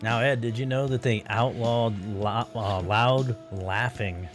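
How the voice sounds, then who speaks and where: An older man co-hosting a casual podcast, dropping dry puns in an easygoing way. His voice sits at a middle pitch, with faint music in the background. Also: fairly even intonation, unhurried. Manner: dry pun-telling joker. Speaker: podcast co-host. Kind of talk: casual banter.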